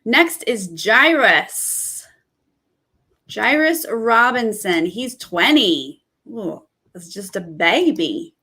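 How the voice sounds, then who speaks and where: A woman's voice: a little high, sing-song, extremely slow, bright, forceful tone, husky. A woman hosting a casual reaction vlog, reading out cast bios and giving candid, chatty comments on each. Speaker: reality TV commentator.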